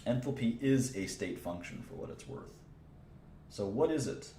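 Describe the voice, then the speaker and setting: A man's voice: mid-range voice, animated, moderate pace, dark tone, roomy sound, a little hiss or hum. A man teaching a chemistry lesson in an informal way, thinking aloud, repeating phrases and adding casual asides as he works through problems. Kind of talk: informal livestream lecture.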